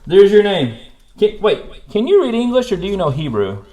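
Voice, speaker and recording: Excitable man teaching a kids' class. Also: high-pitched, moderate pace, roomy sound, highs cut off. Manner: excited, goofy, lots of laughing and exclamations. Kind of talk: playful kids' Bible lesson. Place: church classroom.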